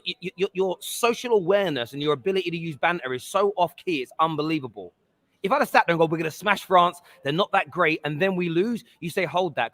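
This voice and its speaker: A fast-talking man with a fairly high voice, hosting a heated live stream. He keeps interrupting and pressing his point, insistent and exasperated. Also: fairly bright tone. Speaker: livestream host.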